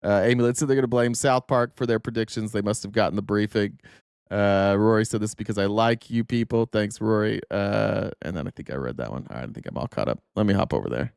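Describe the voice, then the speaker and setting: A man hosts a live political talk stream, reading viewer comments in a blunt, offhand way. His voice sits low and comes through smooth and clean. The sound is dry and close, with no room echo. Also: fast talker, darkish tone. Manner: blunt, swears freely, laughs at jokes. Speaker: political talk show host.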